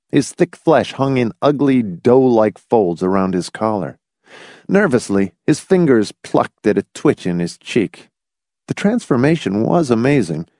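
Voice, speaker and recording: A man narrating a novel in an expressive, dramatic storytelling manner. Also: lowish voice, no echo, clean studio sound. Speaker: audiobook narrator. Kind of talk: scripted narration.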